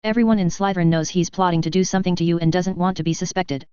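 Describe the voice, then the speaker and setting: A woman's voice: on the low side, fairly even intonation, fast talker, dark tone, clean tone, no room sound, natural voice. A woman voicing a fierce young girl who warns with urgent intensity, in a dull, dry recording. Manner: intense, near-shrieking warnings.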